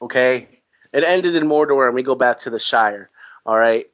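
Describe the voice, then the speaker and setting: A man co-hosting a casual movie chat, animated and complaining, repeating himself for emphasis. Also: medium pitch, moderate pace. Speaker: podcast co-host. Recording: dull lo-fi recording.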